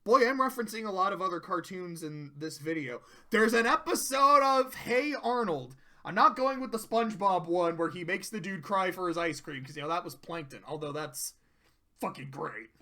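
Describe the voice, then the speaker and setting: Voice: mid-range voice, animated, moderate pace, sharp tone. A cartoon episode reviewer giving casual, profane ranking commentary and acting out quoted lines from the episodes.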